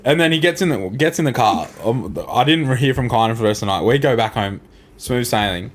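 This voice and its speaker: A man's voice: mid-range voice, a little fast. Sweary young man telling stories. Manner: sweary, animated storytelling. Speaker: podcast co-host. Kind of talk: casual banter.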